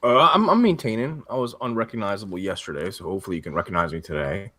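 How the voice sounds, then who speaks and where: Quick, lively hungover man. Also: lowish voice, dry recording, clean studio sound. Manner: candid, meandering. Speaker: podcast co-host. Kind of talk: casual podcast chat.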